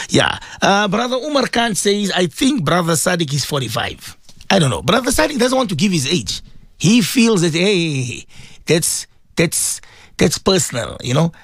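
A middle-aged man hosts a casual morning radio chat. His pitch sits a little high and swings a lot, and he talks loosely, with fillers and restarts. The sound is close and dry, with no room around it. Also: no room sound. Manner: warm chatty, reads listener messages, many fillers and repeats. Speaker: radio presenter.

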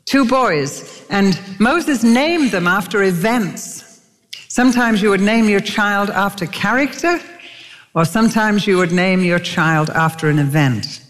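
A woman's voice: medium pitch, expressive, measured pace, a bit bright, long reverb tail. An older woman preaching a sermon, telling stories earnestly and with emphatic conviction.

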